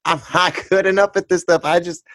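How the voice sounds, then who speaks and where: A young man in casual chat as a podcast co-host, hesitant and sweary, sometimes bursting into hyped shouting. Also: high-pitched, steady tone, brisk. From United States.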